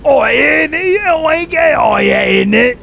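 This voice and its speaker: A man voicing a rowdy young London street lad in a mock London accent, loud and taunting. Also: extremely high pitch, animated, slow pace, vocal fry, slight background noise, pitched above the performer's own voice, full character voice.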